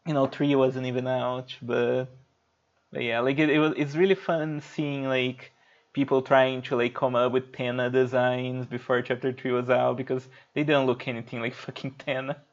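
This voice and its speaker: A man's voice: mid-range voice, flat delivery, moderate pace, highs cut off. A man streaming a video game, chatting casually, rambling and swearing loosely while he plays. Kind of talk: casual livestream gameplay chat.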